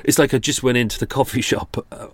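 A man's voice: mid-range voice, fast talker, no room sound. A man in his forties hosting a true-crime podcast, talking casually with many restarts and self-deprecating asides. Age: 40s. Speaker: podcast host.

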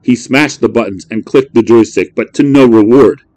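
A man narrating a horror story in a measured, brooding way. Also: medium pitch, a little mellow, dry recording.

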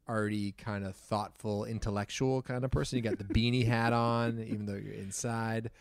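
A man speaking as a podcast guest, talking things through in a relaxed casual way. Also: on the low side, moderate pace, creaky, clean tone, no echo. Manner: relaxed, thinks aloud. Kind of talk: casual chat.

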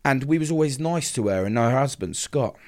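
A man sits as a guest on a podcast and tells a painful personal story. He talks in a middle-pitched voice and acts out the lines of each person in the story. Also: animated, a little fast. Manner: vivid storyteller who acts out quoted dialogue.

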